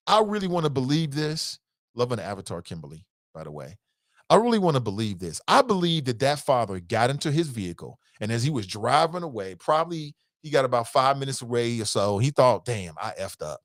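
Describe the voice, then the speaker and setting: A man's voice: on the high side, dry recording. A male talk show host speaks in a casual, slangy way, swinging his voice up and down as he makes his points. He repeats himself for emphasis and laughs easily. The sound is dry and close to the mic. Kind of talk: call-in show commentary.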